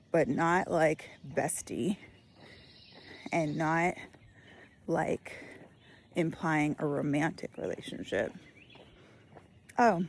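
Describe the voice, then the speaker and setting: A slightly breathless woman with a lilt talks through her thoughts as she walks outdoors. Her voice sits on the lower side and she pauses often to think. Faint birdsong and outdoor ambience sit behind her. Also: darkish tone, a little hiss or hum. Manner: thoughtful, musing, many fillers. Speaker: vlogger. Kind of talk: casual spoken reflection while walking. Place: outdoors on a walk.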